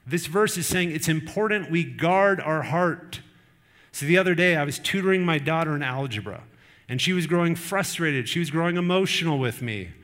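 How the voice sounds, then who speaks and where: Middle-aged guy preaching, earnest and chatty, voice sits a bit high. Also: animated, moderate pace, fairly bright tone. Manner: earnest, conversational preaching with personal stories. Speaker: pastor. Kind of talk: sermon.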